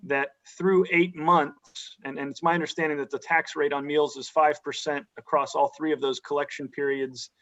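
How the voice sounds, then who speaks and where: A man on a county board asking careful, measured questions in a public meeting, often restarting his sentences. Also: fairly high pitch, flat delivery, fairly bright tone. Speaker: county supervisor. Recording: dull lo-fi meeting audio.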